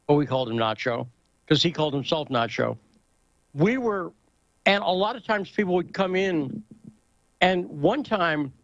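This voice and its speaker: A man's voice: a little high, no echo, dull audio. A man hosting a casual talk show, telling stories in a rambling way and often asking whether his point makes sense. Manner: rambling, anecdotal, asks for agreement. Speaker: host.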